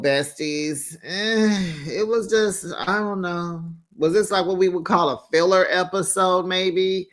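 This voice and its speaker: Sassy male recap host, chatty and unhurried, slightly high voice. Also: fairly bright tone. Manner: sassy, chatty, full of fillers and asides. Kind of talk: casual reality TV recap.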